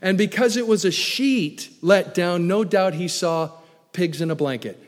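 A man preaching a sermon as pastor, swinging from booming emphasis to low asides. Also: unhurried, a little hiss or hum. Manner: preaching with wide swings in loudness, booming then dropping low. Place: church sanctuary. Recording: long reverb of a large hall.

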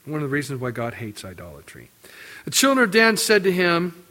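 A middle-aged male pastor preaching a sermon, telling a personal story with lively acted-out quotes before reading scripture. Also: fairly high pitch, a little fast. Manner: animated storytelling, acting out quotes.

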